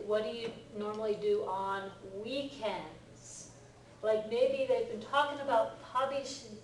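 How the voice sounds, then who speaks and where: A woman teaching a Japanese lesson who talks in an animated way, acting out example lines and laughing often. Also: a little high. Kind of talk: lively one-on-one lesson. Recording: echoey room, far from the mic, faint noise.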